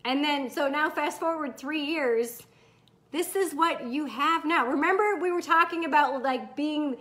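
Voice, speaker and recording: A middle-aged woman hosting a casual live chat, candid and swearing freely, bursting into excited whoops as she reads comments. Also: high-pitched, unhurried. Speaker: host.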